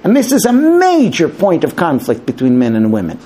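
Animated man giving a lively lecture. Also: on the high side, normal speed. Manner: animated, acting out quoted dialogue in raised voices. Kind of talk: spoken lecture to an audience.

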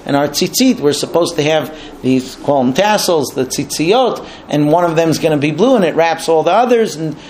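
A man's voice: a little high, expressive, moderate pace, few pauses, darkish tone, slight background noise, close to an everyday voice. A man voicing an earnest rich man explaining. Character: earnest wealthy man explaining his teacher's rules.

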